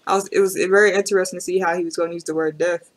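A woman's voice: fairly low pitch, fairly even intonation, rapid-fire. A woman hosting a reaction video, talking casually and chattily with slang and lots of fillers.

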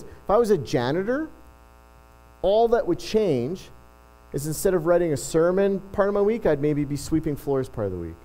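Middle-aged male pastor, relaxed storytelling sermon, light voice, faint electrical hum. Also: a little high, rough recording. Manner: chatty, self-deprecating, frequent restarts. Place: church.

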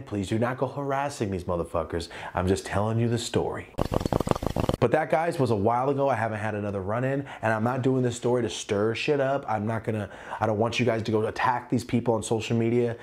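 A man's voice: mid-range voice, quick pace. A young man telling a story in a casual, profane way, acting out the people he quotes. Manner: animated, profane, acts out quotes. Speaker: clothing brand owner and vlogger.

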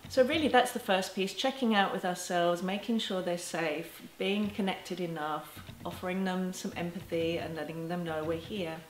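Gentle woman talking in an echoey room. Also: fairly low pitch, normal speed, hardly any pauses. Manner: gentle and reassuring, with soft laughs. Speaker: parenting educator. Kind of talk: talking to camera. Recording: echoey room with faint ambience.

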